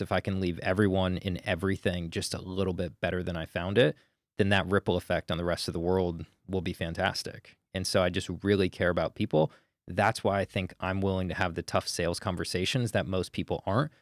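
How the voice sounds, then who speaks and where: Deep-voiced guy in his 30s, sales closer telling stories in an interview, lively, casual, dry close sound. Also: fairly quick, no echo. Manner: energetic storyteller, swears casually. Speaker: sales closer, podcast guest.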